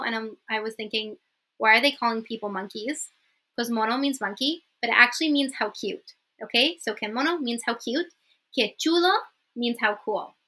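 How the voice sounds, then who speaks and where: A young woman with a bright, sharp-edged voice pitched a little high. She teaches in a relaxed vlog style and chats through her points. She keeps pausing to ask "okay?". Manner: chatty, often checks in with "okay?". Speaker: language teacher. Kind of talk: casual vlog lesson.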